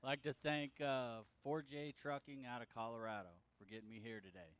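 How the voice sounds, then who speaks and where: Male driver from Florida, clear mid voice, brief. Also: medium pitch, steady tone, fairly quick, fairly bright tone. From Florida, USA. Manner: brief, with fillers. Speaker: race driver.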